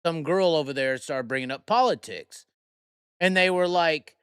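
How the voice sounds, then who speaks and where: A man's voice: on the high side, normal speed, fairly bright tone, clean tone, no echo, studio quality. A man hosting a podcast, telling a rambling, profane and heated story in casual talk. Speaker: host.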